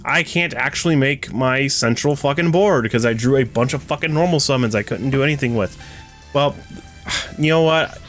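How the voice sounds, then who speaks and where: Young man, gaming commentary, frustrated ranting, lots of swearing, mid-pitched voice, soft music behind. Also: moderate pace. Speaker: gaming streamer. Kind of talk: gameplay commentary.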